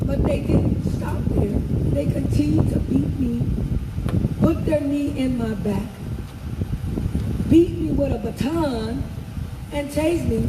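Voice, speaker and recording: Older woman giving a fervent rally speech. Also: high-pitched. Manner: emphatic, repeating phrases for effect. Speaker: speaker at a protest rally. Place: outdoor street rally. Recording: distant, echoey outdoor sound with loud traffic noise.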